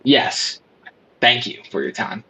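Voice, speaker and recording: A man's voice: medium pitch, big pitch swings, slow pace, creaky, pushed and bright, husky, rough recording. A man acting as prosecutor in a mock trial among gaming friends, rambling and repeating "obviously" and "of course".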